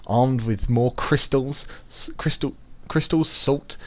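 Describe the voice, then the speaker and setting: A man co-hosting a podcast, telling a story in casual chat with a halting, joking delivery. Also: medium pitch. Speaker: podcast co-host.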